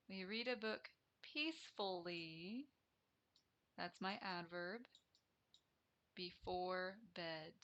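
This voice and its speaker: Very slow, bright-voiced woman teacher. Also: medium pitch, highs cut off. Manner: slow, deliberate, repeats key terms. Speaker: English teacher. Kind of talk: grammar lesson explanation.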